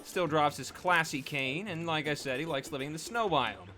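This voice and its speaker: A man's voice: fairly high pitch, normal speed, bright, forceful tone, faint music behind. A man giving casual, rambling gameplay commentary as a let's play host, chatty and full of fillers.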